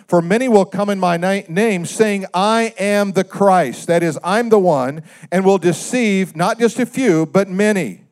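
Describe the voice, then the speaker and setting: This is a male pastor whose sermon feels like a conversation, full of questions directed at the congregation. Loud, emphatic moments give way to quiet, low-voiced asides.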